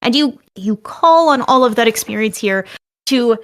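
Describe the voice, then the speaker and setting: A woman game master narrating a tabletop game, meandering through scene descriptions and rule explanations while she thinks aloud. Her voice is a touch high and sounds dry and close. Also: expressive, moderate pace, a bit bright, no echo. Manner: rambling, thinking aloud with restarts.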